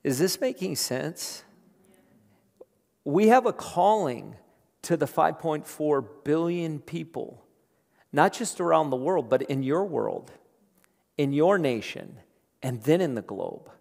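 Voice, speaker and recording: A man preaching a sermon. He repeats his phrases and builds from quiet talk to loud, emphatic preaching. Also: on the high side, lively intonation, slow pace, vocal fry, long pauses. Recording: long hall reverb.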